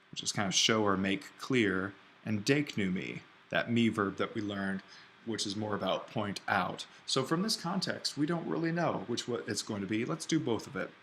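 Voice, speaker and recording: A man teaching an online Greek grammar lesson, thinking aloud and slowing down to spell out each form. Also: fairly low pitch, fairly bright tone, slight background noise. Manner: explains step by step, thinking aloud; slows down to spell out Greek forms.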